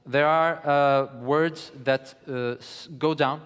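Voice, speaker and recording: A man giving a lecture on music, speaking in a measured, thoughtful way with frequent pauses. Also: on the high side, steady tone, a bit bright, clear, resonant tone. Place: studio hall. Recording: long reverb of a studio hall.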